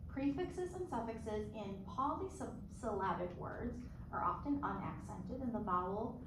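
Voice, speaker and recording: A woman teaching a one-on-one phonics lesson, patient, slow and clear, stretching out sounds. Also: fairly high pitch, expressive. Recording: echoey room, distant mic, background noise.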